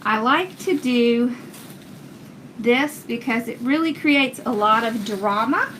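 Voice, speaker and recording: Slow-talking high-voiced woman. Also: a bit bright, a little hiss or hum. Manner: chatty, reads and thanks viewers' comments while working. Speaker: wreath-making instructor. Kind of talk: casual livestream craft tutorial.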